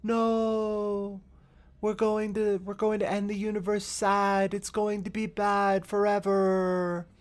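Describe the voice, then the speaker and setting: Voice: medium pitch, flat delivery, slow pace, voice pushed up, lightly acted. A streamer voicing a despairing ancient people who whine about losing all hope. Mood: gloomy.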